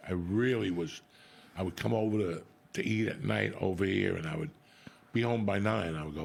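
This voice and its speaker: A man's voice: fairly low pitch, fairly quick, creaky, slightly rough. A middle-aged man, a comedian host telling a blunt, profane story in casual chat.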